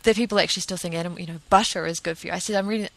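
Casting note: talkative woman, low-ish voice, rambling anecdote with lots of restarts. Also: steady tone, rapid-fire, gravelly, poor audio. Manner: chatty, rambling, full of restarts and fillers. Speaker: vegan advocate telling a story. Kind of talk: casual monologue, anecdote.

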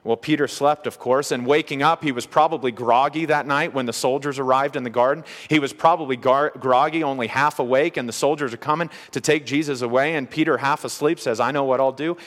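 A man's voice: medium pitch, steady tone, fairly quick, few pauses, fairly bright tone. A man preaching an expository sermon as a pastor, earnest and conversational, repeating key points for emphasis. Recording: long reverb of a large hall.

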